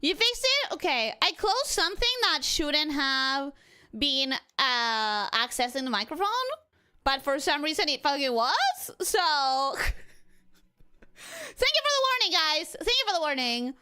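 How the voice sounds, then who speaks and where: An excitable woman streamer chatting through a game, animated and quick to swear. Her voice is high and bright, with wide pitch swings and an unhurried pace. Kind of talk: casual game livestream commentary.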